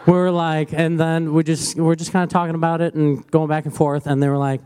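A man, a father, giving a church testimony with lively storytelling, acting out his children's voices. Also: a little high, brisk, clear, resonant tone. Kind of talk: spontaneous testimony.

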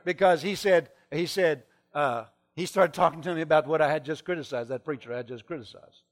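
A middle-aged man, a traveling preacher, telling a story in a sermon and swinging from hushed tones to shouting. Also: on the high side, brisk.

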